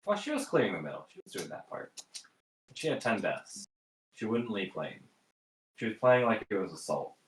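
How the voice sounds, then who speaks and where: A man co-hosting a casual family chat, telling animated stories with exaggerated asides. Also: on the low side, moderate pace, pauses often. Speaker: podcast co-host. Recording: roomy, distant mic.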